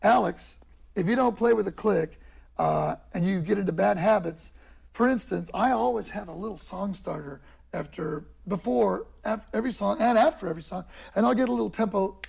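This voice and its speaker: A middle-aged man with a high voice and a heavily gravelly, rough edge. He talks in an animated, joking way, breaking into drum sounds and funny voices. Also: normal speed. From Detroit, US. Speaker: guest drummer. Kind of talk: casual chat.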